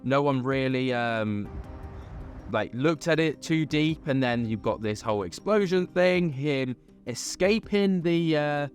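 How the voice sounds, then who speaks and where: A man chats through a commentary vlog in a casual, skeptical way, leaning on fillers as he goes. His voice sits at an ordinary middle pitch, with soft music faintly underneath. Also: animated, a little slow. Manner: chatty and skeptical, many fillers. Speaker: host. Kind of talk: casual commentary on online videos.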